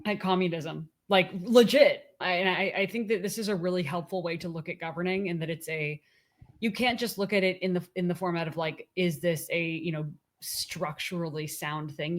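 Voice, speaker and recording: A woman with a somewhat low voice co-hosts a casual podcast with her husband. She muses aloud, circling back and restarting her thoughts as ideas come to her. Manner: chatty and musing, thinking aloud with restarts. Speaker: podcast co-host.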